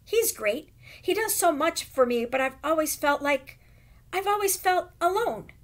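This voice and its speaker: A woman reading aloud and voicing a brave but lonely young girl who misses her mother, speaking quietly and haltingly. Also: sits high, expressive, voice pushed up. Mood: tender. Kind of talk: reading a children's novel aloud.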